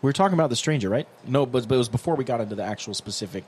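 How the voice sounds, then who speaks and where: A man co-hosting a casual podcast, animated and joking, cursing freely. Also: medium pitch, very fast, slightly rough. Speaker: podcast co-host.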